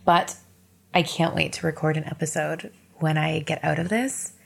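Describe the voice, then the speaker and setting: Low gravelly woman podcasting from bed. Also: fairly even intonation, normal speed. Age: 30s. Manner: candid, emotional, encouraging, swears casually. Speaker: podcast host. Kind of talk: casual solo podcast monologue. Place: in bed at home.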